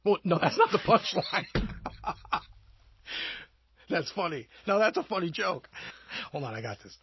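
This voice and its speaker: A man's voice: high-pitched, big pitch swings, takes it slowly, pauses often, lo-fi sound, slight background noise. A man co-hosting a marketing podcast in a casual, self-deprecating way, telling dad jokes. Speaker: podcast co-host.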